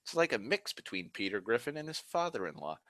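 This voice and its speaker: A man's voice: medium pitch, big pitch swings, fast talker, sharp tone, no echo. A man from Massachusetts rambling casually on a stream, profane and self-mocking, a little tipsy on whiskey. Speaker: livestream host.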